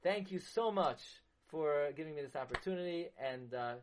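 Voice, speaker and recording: A man delivering an impassioned sermon as a rabbi, mixing Hebrew terms into English and rising to loud emphasis. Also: fairly high pitch, lively intonation, moderate pace, heavy background noise.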